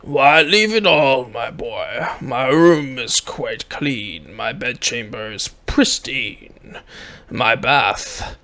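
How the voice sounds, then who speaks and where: A man's voice: mid-range voice, expressive, pushed and bright, heavily acted. A man putting on a portly, fussy old collector. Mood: courtly. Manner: slow, drawn-out, courtly speech. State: out of breath.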